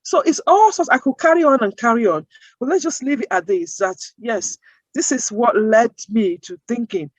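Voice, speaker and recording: A woman's voice: a little high, animated, moderate pace, no echo, low-quality recording. Woman interview guest, earnest and emphatic, dry close sound. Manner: emphatic, builds points with rhetorical questions. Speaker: guest, accent-bias advocate. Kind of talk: interview answers.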